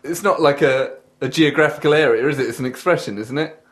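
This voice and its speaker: A man's voice: mid-range voice, fairly quick. Rambling man hosting a podcast. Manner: hesitant, rambling, joking. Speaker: podcast host. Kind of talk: casual podcast chat.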